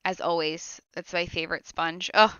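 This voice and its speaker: A woman's voice: mid-range voice, moderate pace, bright, forceful tone, clean tone, no room sound. Giggly young woman, kinda nasal from a cold, rambling beauty voiceover, dry close mic, slightly dull lo-fi sound. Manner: chatty and giggly, rambling with fillers. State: sick, a little nasal. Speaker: beauty vlogger. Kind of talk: casual makeup tutorial voiceover.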